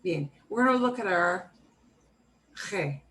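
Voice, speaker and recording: A woman teaching a beginner Spanish class, modeling words slowly and repeating them for students. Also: on the low side, animated, fairly bright tone, slight background noise, rough recording. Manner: slow, clearly modeled pronunciation with repetition drills.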